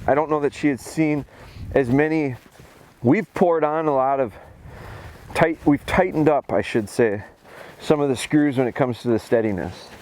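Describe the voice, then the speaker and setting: Man explaining dog training outdoors. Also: a little hiss or hum. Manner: calls dogs in a high excited voice, then explains calmly. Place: outdoors in snowy field.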